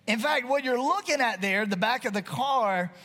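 A man telling a funny personal story to an audience in a folksy, animated way, acting out his own shouts. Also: very high-pitched, moderate pace. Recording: long reverb of a hall.

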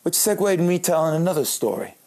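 A man's voice: fairly high pitch, lively intonation, brisk, a little mellow. A man in his late thirties, a comedian, telling joking, self-deprecating stories in a monologue. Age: late 30s. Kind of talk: comic storytelling monologue.

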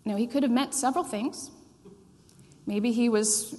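A woman's voice: a little high, steady tone, normal speed, a little mellow, in a large hall. A woman pastor preaching a sermon, telling a story with frequent fillers.

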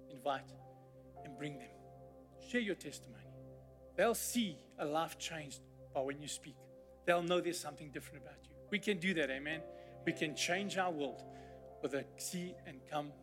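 A man pastor preaches with a high, animated voice, telling stories that climb to exclamations. His sermon rings through a church hall with a long reverb tail. Soft music sits faintly beneath him. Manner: animated storyteller, building to exclamations. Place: church hall during a service.

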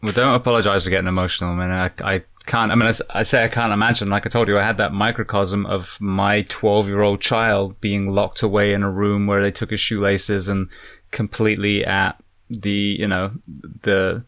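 A man's voice: lowish voice, level tone, moderate pace, a bit bright, no room sound, clean studio sound. A man hosting an interview, asking long, probing questions that ramble before reaching the point. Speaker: interviewer host. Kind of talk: podcast interview.

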